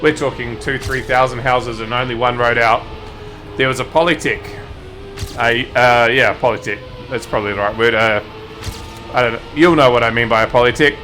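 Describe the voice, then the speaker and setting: A man with a New Zealand accent chats casually on stream, rambling and cursing offhandedly. His voice is mid-pitched and bright, with faint music playing behind. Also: fairly even intonation, moderate pace. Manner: rambling, swears casually, self-correcting. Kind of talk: casual storytelling while gaming.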